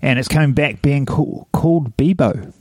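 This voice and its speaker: A man's voice: mid-range voice, normal speed, darkish tone, no room sound, studio quality. A man, co-hosting a podcast, explaining things in a matter-of-fact casual chat. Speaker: podcast co-host.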